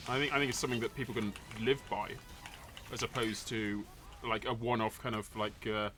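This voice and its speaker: A man hosts a casual chat, stumbling through long questions with plenty of ums and restarts. His voice is bright and forward. Faint noise and keyboard typing sit in the background. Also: on the low side, steady tone, fairly quick. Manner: hesitant, many fillers and repeated words. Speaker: podcast host. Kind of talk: casual interview chat while gaming.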